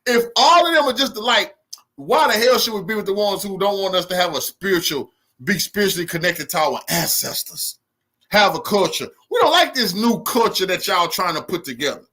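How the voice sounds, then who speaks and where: A man with a high, bright voice that swings widely in pitch. He talks back to news clips in a heated, mocking, profane way and laughs often. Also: expressive, fairly quick. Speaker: commentary channel host.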